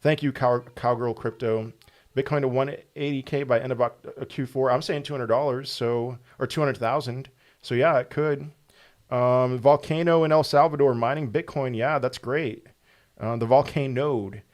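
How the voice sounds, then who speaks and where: Man, casual livestream host, mid-pitched voice, offhand answers, lots of ums. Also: steady tone, moderate pace. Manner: reads viewer questions aloud and answers offhand, with fillers.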